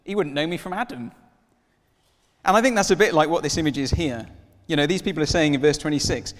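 A man in his thirties preaching a sermon, telling stories with lively acted-out dialogue. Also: a little high, quick pace, long reverb tail. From Wales. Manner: animated storytelling, acts out dialogue in voices.

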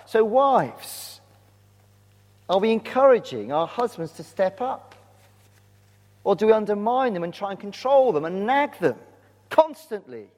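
A man's voice: high-pitched, darkish tone. A man preaching a sermon, speaking earnestly and putting direct questions to his congregation. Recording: long reverb of a large hall.

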